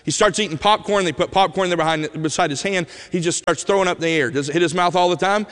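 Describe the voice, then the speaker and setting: A man preaching a sermon as an animated storyteller who swings from loud bursts to hushed moments, in a church sanctuary. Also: high-pitched, quick pace, clear, resonant tone, long reverb tail.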